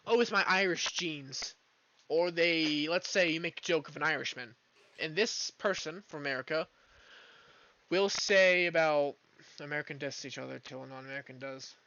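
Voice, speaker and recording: A man's voice: sits high, bright, forceful tone, highs cut off. Rambling, foul-mouthed male streamer. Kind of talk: casual rant while gaming.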